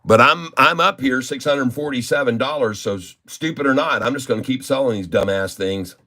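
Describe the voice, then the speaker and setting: A man's voice: mid-range voice, fairly quick, sharp tone. Day trader guy muttering and swearing at his screen, casual vlog talk. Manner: grumbling, cursing, exasperated muttering. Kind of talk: casual live trading commentary.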